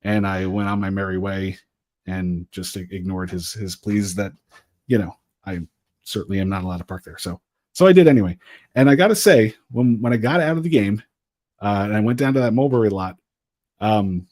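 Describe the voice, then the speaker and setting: A man co-hosting a podcast, telling a story casually in an animated, exasperated way. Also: fairly low pitch, moderate pace, no echo, clean studio sound. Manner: animated, exasperated retelling with acted quotes. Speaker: podcast co-host.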